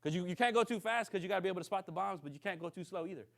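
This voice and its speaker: Fast-talking high-voiced male preacher. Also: gravelly. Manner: lively storytelling, acts out quoted dialogue, keeps checking in with the congregation. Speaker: minister. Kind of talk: sermon storytelling.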